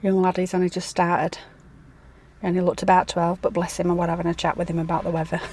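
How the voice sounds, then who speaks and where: Low, husky and darkish, this woman's voice is completely flat and fast as she vlogs casually on a hand-held phone at her allotment and around the house. She talks affectionately to her chickens and pets. Outdoor noise runs through the recording.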